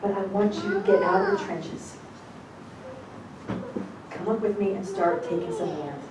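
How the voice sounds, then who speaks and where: A woman teaching a congregation as rebbetzin. She gives an informal sermon, reading scripture slowly and then talking bluntly and casually. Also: mid-range voice, sing-song. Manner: emphatic and blunt, shifting between slow scripture reading and quick casual talk. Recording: echoey room, distant mic, noisy.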